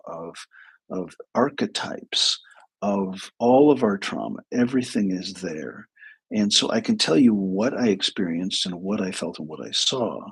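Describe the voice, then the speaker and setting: A man's voice: on the low side, creaky, slightly rough, rough recording. A man speaking as a hypnotherapist, telling client stories in a casual livestream talk full of restarts and asides. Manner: conversational storytelling with restarts.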